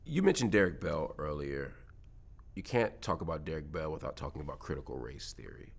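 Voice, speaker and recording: A man hosting an interview, asking lively, playful questions. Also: a bass voice, brisk, vocal fry, slightly rough. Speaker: interviewer host.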